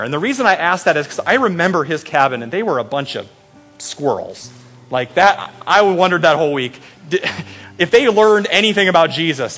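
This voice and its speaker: Animated male preacher telling a story. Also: fairly quick, soft background music. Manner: animated, acts out quoted voices with a raised pitch. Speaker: pastor. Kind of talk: sermon storytelling.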